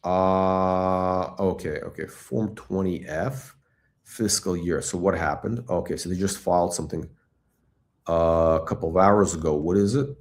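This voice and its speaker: A middle-aged man hosting a live stock chat, talking in an excitable, blunt, repetitive way and swearing now and then. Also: deep voice, a little slow. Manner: excitable hype, blunt, swears, repeats himself. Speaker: stock channel host. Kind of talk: livestream stock chat reading chat questions.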